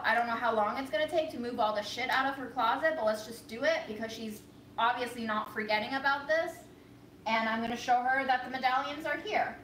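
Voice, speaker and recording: A woman's voice: a little high, fairly bright tone. A woman telling a story in a casual vlog, frank and profane as she vents, recorded a little away from the mic in an echoey room. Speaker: vlogger. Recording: echoey room, voice a bit far from mic, faint background noise.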